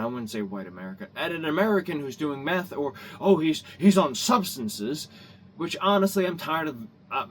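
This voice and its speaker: A man's voice: medium pitch, fairly bright tone, slight background noise. A man ranting angrily to camera in a vlog, swearing heavily, repeating himself and stumbling over restarts. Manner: profane, heated, repetitive, stumbling restarts. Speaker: vlogger. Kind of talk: angry rant to camera.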